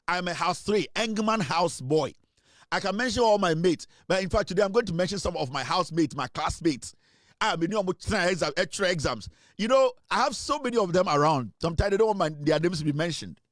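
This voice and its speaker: Recorded dry and clean in a studio, a man with a Ghanaian accent runs an online talk show, speaking a bit quickly in a high, expressive voice. His casual commentary teases the audience through repeated rhetorical questions and switches between English and Twi.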